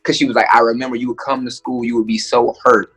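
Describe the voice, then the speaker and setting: A young adult man, a comedian, telling stories in a casual interview, lively and acting out the people he quotes. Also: mid-range voice, quick pace, slightly rough, soft background music. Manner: animated storyteller, acts out quoted voices. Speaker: comedian and guest.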